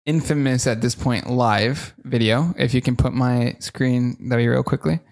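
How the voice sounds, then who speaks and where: Guy cohosting a podcast, regular pitch, casual chatty explainer, kinda jokey about gross stuff. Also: normal speed, vocal fry. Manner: animated, playfully disgusted, explains things plainly. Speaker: podcast co-host. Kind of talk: casual chat.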